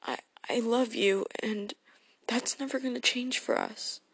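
A woman voicing a gentle, goofy teenage boy hero who speaks as an affectionate boyfriend in a role-play audio, soft-spoken and prone to giggles. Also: fairly high pitch, steady tone, unhurried, breathy edge, heavily acted. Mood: tender, reassuring. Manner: soft-spoken and tender, breaking into giggles when tickled.

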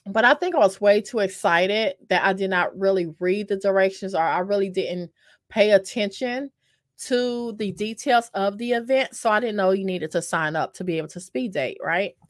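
A vlogger tells her viewers a dating story to camera, speaking at a moderate pace in a medium-pitched voice. She is chatty and self-mocking, loaded with fillers and repeats, and calls her audience "y'all." The sound is dry and clean, studio quality.

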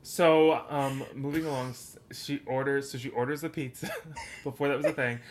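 A man's voice: medium pitch, fairly even intonation, normal speed. A man co-hosting a casual movie podcast, teasing dryly and rambling through his notes. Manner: dry teasing, rambling with fillers. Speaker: podcast co-host.

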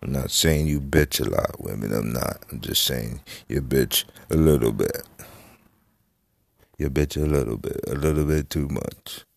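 Slow, very deep gravelly man. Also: no room sound. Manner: rambling, profane, trailing off with many fillers. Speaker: podcast host. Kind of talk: casual solo podcast rambling. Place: Florida.

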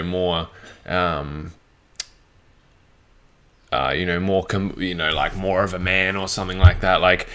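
A man's voice: sits low, fairly bright tone. A young man hosting his own podcast, rambling crudely and swearing freely, with plenty of fillers and restarts. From Australia. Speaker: podcast host. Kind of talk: casual solo podcast monologue.

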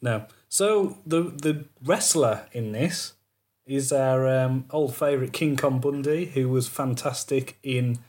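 A man's voice: medium pitch, takes it slowly, darkish tone. Man, podcast co-host, loose jokey delivery that wanders off topic. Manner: rambling, jokey, trails off on tangents. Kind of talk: casual chat.

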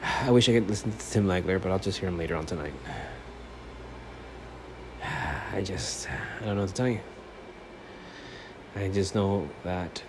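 A man from Miami talking alone on his sports podcast in his apartment, cursing constantly and swinging between low, subdued mumbling and loud, animated ranting. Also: noisy background. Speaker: podcast host. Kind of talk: casual solo sports podcast rant.

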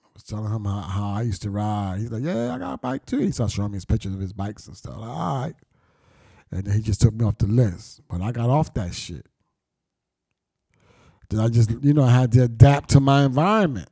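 A man's voice: on the low side, fairly quick, dark tone, husky, no echo, studio quality. A middle-aged man telling his life story candidly, blunt and profane, with street slang and reflective turns. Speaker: storyteller recounting his past.

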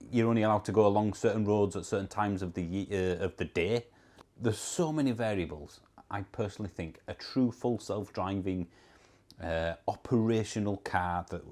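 His voice sits on the low side and sounds a little mellow. A car reviewer from Yorkshire, England, he speaks with a Yorkshire accent in a relaxed vlog, reading comments out and answering them wryly and sarcastically.

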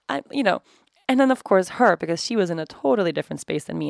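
A woman's voice: medium pitch, expressive, fast talker, creaky, dry recording, studio quality. A woman in her thirties hosting a podcast, telling a personal story candidly and emotionally, with frequent swearing and acted-out dialogue. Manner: emotional, swears freely, acts out quoted dialogue. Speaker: podcast host.

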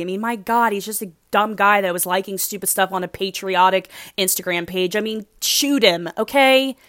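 A woman's voice: moderate pace, hardly any pauses, dry recording. Young woman gushing about a show, lots of likes and ums, dry close sound. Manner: gushing and emotional, many fillers, squeals into high pitch when excited. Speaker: podcast host recapping a reality show. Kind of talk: casual chat.

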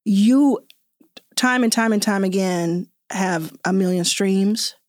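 A woman's voice: mid-range voice, takes it slowly, no echo. Woman podcast host, teasing and emphatic, mid-range voice, dry recording. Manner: upbeat, teasing, emphatic repeats. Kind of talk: casual interview chat.

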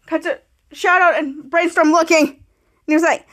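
A woman hosting a podcast, excitedly retelling a TV episode scene by scene and quoting the characters' lines. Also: extremely high pitch, normal speed. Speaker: podcast host. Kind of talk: casual episode recap.

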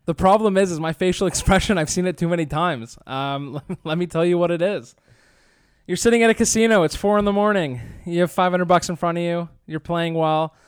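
A man with a high, clear, smooth voice co-hosts a sports betting chat. He paints scenes in the second person and builds them up with rising excitement, recorded dry and close. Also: fairly quick, no room sound. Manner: vivid second-person storytelling, builds to shouting. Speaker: podcast co-host. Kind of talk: casual sports betting banter.

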